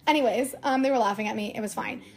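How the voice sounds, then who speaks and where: A woman's voice: on the high side, fast talker, vocal fry. A young woman co-hosting a podcast, chatting casually and rambling with lots of fillers. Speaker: podcast co-host. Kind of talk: casual chat.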